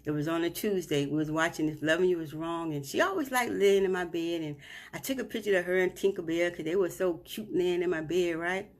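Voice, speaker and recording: A woman's voice: fairly low pitch, brisk. A grieving mother live streaming from a hotel room, retelling events emotionally and often checking in with "right?".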